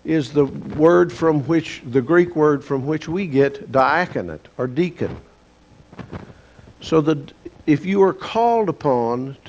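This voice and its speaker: A man from Texas teaches a Bible lesson with a Texan accent, explaining things in a folksy storytelling style. His voice is on the high side and darkish, with vocal fry. The recording is dull and lo-fi, with faint hiss.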